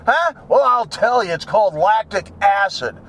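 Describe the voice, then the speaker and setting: A man rants in a rambling monologue, swearing freely and slipping into mocking voices of other people. His voice sits fairly high and swings all over the place. Vehicle sounds can be heard behind him. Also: animated, moderate pace, fairly bright tone. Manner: ranting, profane, mocks people in put-on voices.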